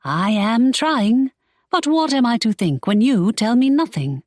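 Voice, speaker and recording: A woman's voice: on the high side, sing-song, unhurried, darkish tone, no echo, studio quality, pitched above the performer's own voice. A woman reading an audiobook, voicing a spirited young woman who protests in exasperation. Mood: indignant. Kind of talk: audiobook character voice.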